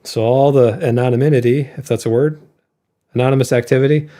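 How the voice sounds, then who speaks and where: Mellow-voiced man chatting about investing. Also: medium pitch, fairly even intonation, a little fast. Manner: rambling explanations with fillers and laughs. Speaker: co-host of an investing show. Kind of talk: casual podcast chat.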